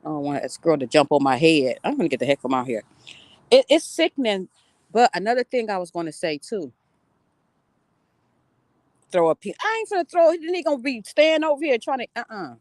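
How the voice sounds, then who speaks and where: Animated, blunt woman livestreaming outdoors. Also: medium pitch, no echo. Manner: animated, emphatic, blunt and profane. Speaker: livestream host. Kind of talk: casual livestream storytelling. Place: outdoors near trees.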